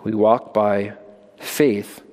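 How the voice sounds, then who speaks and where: A man's voice: fairly low pitch, little pitch movement, drawn-out words, a little mellow. A man preaching a sermon to children in an emphatic way, often putting questions to them. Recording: long reverb of a large hall.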